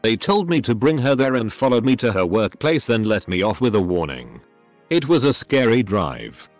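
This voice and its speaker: A man narrating online stories as scripted readings, in a lively, expressive way. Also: lowish voice, normal speed, dry recording, faint music behind.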